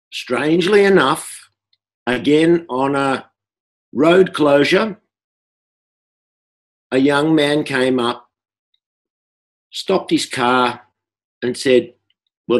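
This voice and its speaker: An Australian man telling a personal story in a halting way, with restarts and repeated words. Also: mid-range voice. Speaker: workshop participant.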